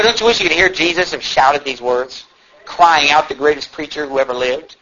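A man preaching a fervent sermon, swinging from loud cries to low, emphatic asides. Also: lively intonation, fairly quick, dull audio, slight background noise.

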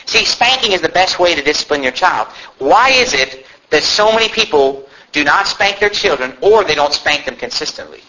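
A man preaching a sermon in an animated way, now and then shouting mocking impressions. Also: a little high, moderate pace, hardly any pauses, highs cut off. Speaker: pastor.

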